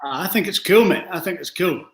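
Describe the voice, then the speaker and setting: A man's voice: high voice, expressive, a little fast, fairly bright tone, echoey room, rough recording. A man hosting a casual live interview from home, calling his guest mate. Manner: friendly, calls guest mate. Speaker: host. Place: home room.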